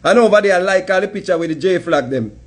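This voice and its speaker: A man's voice: high voice, animated, fast talker. A man with a Jamaican accent giving a heated, mocking commentary rant. He laughs often as he talks. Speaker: commentary host.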